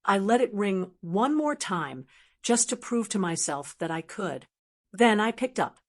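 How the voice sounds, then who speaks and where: An older woman narrating a first-person audiobook story in a calm, measured, steady way. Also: medium pitch.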